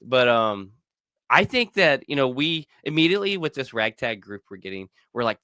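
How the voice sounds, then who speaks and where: A man co-hosting a casual fan podcast, excitedly rambling and repeating himself as he talks. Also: mid-range voice, fairly quick, clear, resonant tone, no room sound, clean studio sound. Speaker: podcast co-host.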